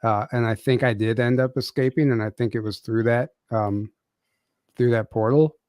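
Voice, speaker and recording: A man's voice: mid-range voice, steady tone, moderate pace, a little mellow, no room sound, clean studio sound. A man telling a personal story as a podcast guest, casually, with many fillers and restarts.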